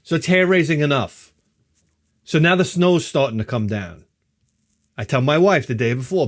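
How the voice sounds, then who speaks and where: A man's voice: a little high, animated, a little slow. A middle-aged man, telling a story in a wry, exasperated and profane way. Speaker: vlogger.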